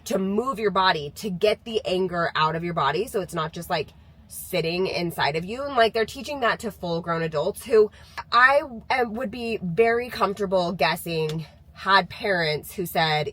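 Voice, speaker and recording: A woman's voice: medium pitch, animated, moderate pace, fairly bright tone, poor audio. Mom in her 30s talking parenting to the camera, open and chatty, little laughs. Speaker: mom sharing parenting views. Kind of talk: casual talking-to-camera vlog.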